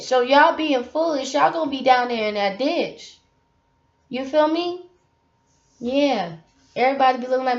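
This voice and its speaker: A woman's voice: high-pitched, moderate pace. Woman, casual testimony vlog, preachy and impassioned, echoey room, muffled lo-fi audio. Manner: impassioned, preachy, talks straight to viewers. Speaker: vlogger sharing faith testimony. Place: apartment room. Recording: roomy, dull lo-fi audio.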